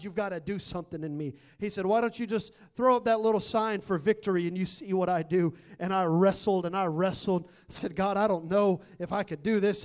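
A man preaching a sermon, telling a personal story and building to shouted exhortation. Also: high voice.

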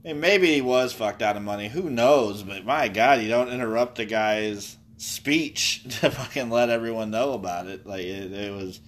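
Mid-pitched guy cutting in with blunt cussing remarks. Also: moderate pace, few pauses. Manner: blunt, swearing, chiming in. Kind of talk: casual chat.

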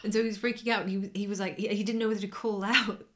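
A middle-aged woman co-hosting a podcast, telling an animated anecdote in casual chat. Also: medium pitch, rapid-fire. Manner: animated anecdote-telling, acts out quoted voices. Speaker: podcast co-host.

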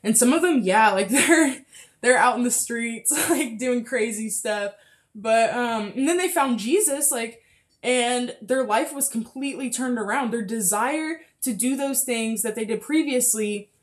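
A woman's voice: fairly high pitch, expressive, a little slow. A young woman hosting a casual faith podcast, chatty and full of fillers, a little out of breath close to the mic. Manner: chatty, frequent fillers and laughs. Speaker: podcast host.

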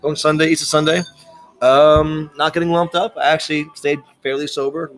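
A man's voice: a little high, little pitch movement, normal speed, soft background music. A man co-hosting a podcast, chatting casually and laughing along with the other host. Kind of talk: casual chat.

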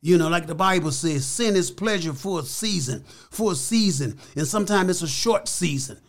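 Older guy guest on a podcast, kinda high voice, folksy, keeps repeating himself for emphasis. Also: animated, moderate pace. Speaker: interview guest. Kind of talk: casual storytelling.

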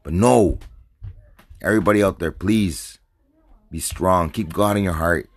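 A North American man with a deep, slightly rough voice rants to his viewers at a measured pace, with no room sound. He's a vlogger talking stream-of-consciousness to camera, agitated and profane, rambling and repeating himself as he drinks and smokes.

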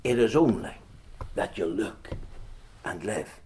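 A man preaching a sermon, swinging between quiet, slow passages and loud, urgent bursts, often repeating words as he goes. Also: lowish voice, lively intonation.

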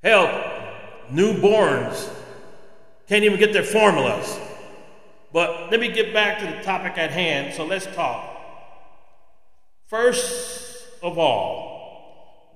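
A man's voice: sits high, big pitch swings, takes it slowly, long pauses, fairly bright tone. A man hosting a solo opinion podcast, ranting indignantly and firing off rhetorical questions. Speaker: podcast host. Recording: echoey room with long reverb.

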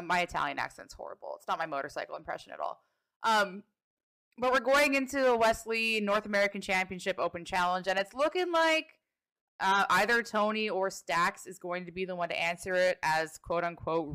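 A woman's voice: fairly low pitch, lively intonation, moderate pace, a bit bright, clean tone. A woman co-hosting a podcast, chatting casually and playfully about wrestling results. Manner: chatty, playful, jokes about her own predictions. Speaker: podcast co-host.

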